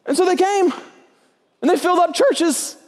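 A pastor preaching a sermon in a church, telling jokes and stories in a playful, animated way. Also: male voice, extremely high pitch, normal speed. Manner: joking, animated storytelling with put-on voices. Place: church auditorium. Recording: long hall reverb.

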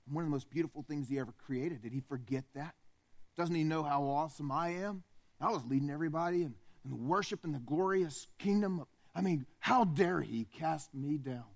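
A man's voice: a little high, a little fast. A man voicing Satan as a proud, seething fallen angel, muttering bitter and boastful lines in a dramatized sermon. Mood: seething resentment.

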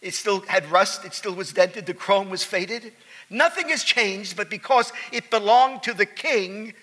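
A man preaching a sermon, telling a story and building to loud, fervent preaching. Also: high-pitched, unhurried, crowd noise, background noise.

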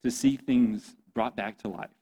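A man's voice: mid-range voice, steady tone, a little slow, dark tone. An impassioned man preaching a sermon to a young crowd. He speaks earnestly in a mid-range voice and keeps turning to his listeners directly as "guys." He sounds like a youth pastor pleading with his group.

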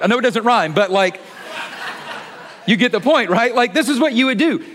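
Expressive and a little fast, this pastor preaches as if chatting with the congregation, pausing often. Rhetorical questions come constantly, and he frequently sinks to a soft, low delivery to drive points home.

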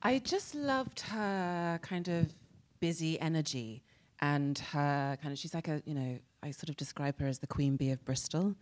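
A woman's voice: low voice, normal speed, darkish tone. A British woman answering as an actor guest on a panel, reflective and hesitant. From England.

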